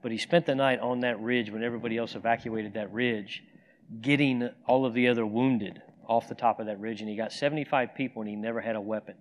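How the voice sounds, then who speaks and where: A man's voice: mid-range voice, steady tone, quick pace, highs cut off. A man preaching a sermon, telling stories with acted quotes and then leading an earnest prayer. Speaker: pastor.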